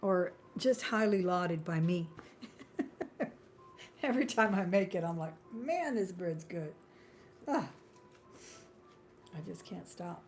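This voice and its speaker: A woman's voice: on the low side, lively intonation, slow pace, pauses often, soft background music. A woman hosting a live-stream jewelry sale, calling out buy-now prices in a chatty, friendly way and drifting into small talk with frequent laughs. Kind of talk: live-stream sales patter.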